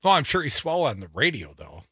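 Sarcastic, bright-voiced radio co-host man. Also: a little high, big pitch swings, fairly quick, husky, no echo, studio quality. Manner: sarcastic, emphatic, rambling. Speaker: radio talk show co-host. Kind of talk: opinionated talk radio banter. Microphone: studio microphone.

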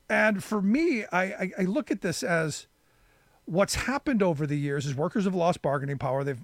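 A male talk radio host with a notably high voice, speaking into a close studio microphone. His delivery is loose and conversational, circling back on himself with restarts and repeated words. The sound is completely dry, with no room around it. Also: dry recording. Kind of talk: opinionated radio monologue.

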